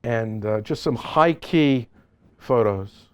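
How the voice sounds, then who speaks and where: A middle-aged or older photographer telling animated, joking stories at a live seminar with slides. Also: male voice, mid-range voice, takes it slowly, smooth, no echo. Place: seminar event space.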